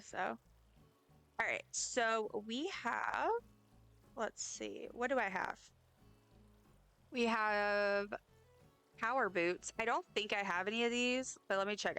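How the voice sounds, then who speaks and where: A woman streamer with a hoarse, partly lost voice, chatting casually and rambling to her chat while she plays. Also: mid-range voice, fairly bright tone.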